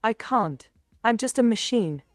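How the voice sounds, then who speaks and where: A synthetic female AI assistant voice giving short, flat, stubborn replies. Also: on the high side, measured pace, no room sound, faint music behind.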